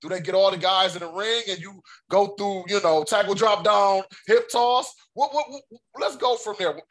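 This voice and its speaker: A man's voice: high voice, normal speed, a bit bright. A man hosting a podcast, chatting casually in a friendly, slangy way and asking loose questions. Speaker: podcast host. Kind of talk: casual interview chat.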